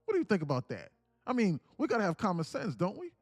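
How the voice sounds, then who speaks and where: A man's voice: high-pitched, huge pitch swings, fast talker, no echo, pitched above the performer's own voice, exaggerated voice. A man doing an impression of a famous older politician who presses someone with insistent, leading questions. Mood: pushy.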